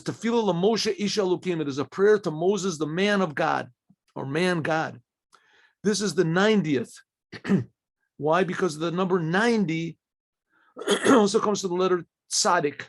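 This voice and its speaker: A man, a rabbi, giving a Torah class in a halting way, restarting phrases, clearing his throat often and asking himself questions he then answers. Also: a little high.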